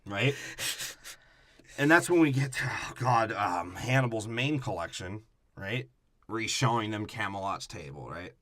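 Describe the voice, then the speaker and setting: Bright-voiced man riffing on a movie. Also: lowish voice, lively intonation. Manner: crude, joking, paraphrases scenes in quick mock voices. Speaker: podcast co-host. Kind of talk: casual movie-review chat.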